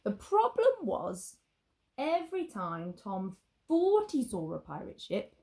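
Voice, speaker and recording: A woman teacher reading a picture book aloud to children, expressive and stopping to ask the listener questions. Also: medium pitch, slow.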